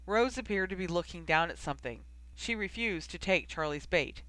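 Calm even storybook reader, mid voice, super dry room. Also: medium pitch, moderate pace, hardly any pauses, dry recording. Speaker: audiobook narrator. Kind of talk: storybook narration.

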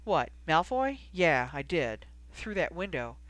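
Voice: medium pitch, sing-song, measured pace, a bit bright, no room sound. A reader voicing a blunt, protective young man who grumbles and snaps, in an audiobook reading. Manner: grumbling, short-tempered.

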